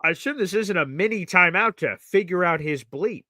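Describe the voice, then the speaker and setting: Animated, lively-pitched sports host. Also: male voice, moderate pace, no room sound, clean studio sound. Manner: animated, blunt, opinionated, swings between excited and mutter. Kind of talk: live sports reaction talk show.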